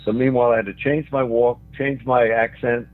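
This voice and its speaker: With a medium pitch that barely moves and a brisk delivery, an older man from Australia tells stories as a guest. He chuckles as he goes, and the phone line sounds tinny.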